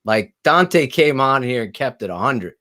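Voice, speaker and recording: A man's voice: mid-range voice, animated, unhurried, pushed and bright. A man hosting a casual sports podcast, talking bluntly and emphatically, with some swearing. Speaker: podcast host.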